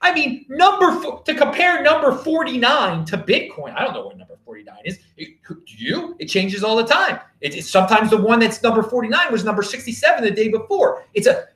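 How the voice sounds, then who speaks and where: A man's voice: extremely high pitch, big pitch swings, fairly quick, few pauses, fairly bright tone, echoey room. A man hosting his own video show, talking in an emphatic, sarcastic way with frequent restarts. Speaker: crypto video host. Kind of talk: casual opinionated monologue.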